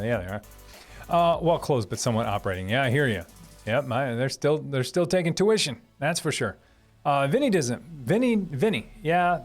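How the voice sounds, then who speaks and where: A man casually answering viewer questions on a livestream, thinking aloud and laughing easily. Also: medium pitch. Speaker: streamer answering live chat.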